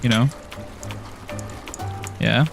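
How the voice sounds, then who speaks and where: Speaking very slowly with faint music in the background, an Irish man streams a game. He rambles and jokes with his viewers, pokes fun at himself, and laughs frequently during the casual commentary.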